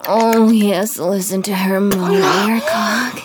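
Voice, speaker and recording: Woman, adult audio role-play, breathy, bossy and teasing, loud hiss behind her. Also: medium pitch, steady tone, slow. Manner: commanding, teasing, breathy moaning.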